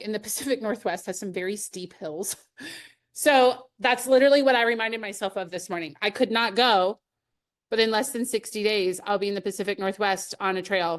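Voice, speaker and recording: A woman's voice: medium pitch, steady tone, brisk. A middle-aged woman leading a live sales training webinar, upbeat and conversational, with personal anecdotes and light laughs.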